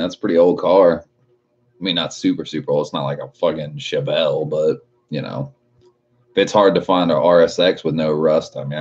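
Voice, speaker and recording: A young man in his late twenties with a very low voice talks through a livestream, reading chat and cursing freely in a relaxed way. The audio is dull and lo-fi. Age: 20s. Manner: laid-back, swears a lot, laughs often.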